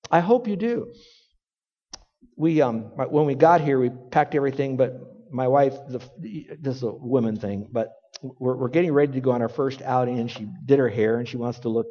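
A man's voice: a little high, dark tone. A man preaching a sermon, telling a folksy story and building to emphatic points. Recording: dull lo-fi recording with long hall reverb.

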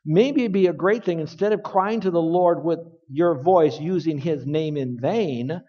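A man preaching a sermon to a men's group, earnest and plain-spoken, rising to loud emphatic bursts. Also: a little high, a little slow, in a large hall, highs cut off.

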